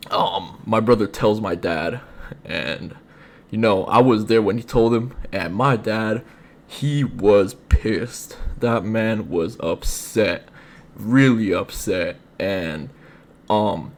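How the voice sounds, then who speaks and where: A young man telling a personal story in casual, rambling speech full of fillers. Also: on the low side. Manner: rambling, many fillers like "you know". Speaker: streamer.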